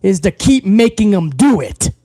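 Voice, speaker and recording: A brash, foul-mouthed man hosts a live wrestling talk stream, loud and unfiltered as he rants at his viewers. His voice sits unusually high for a man and sounds close and bone-dry. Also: big pitch swings, normal speed, no room sound. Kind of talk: profane live-stream rant.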